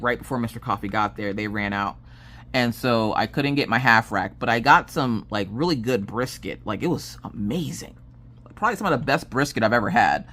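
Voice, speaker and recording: A woman vlogger chatting casually about her day while working on a diamond painting craft. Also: extremely low pitch. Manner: animated, lively storytelling with acted quotes and laughs.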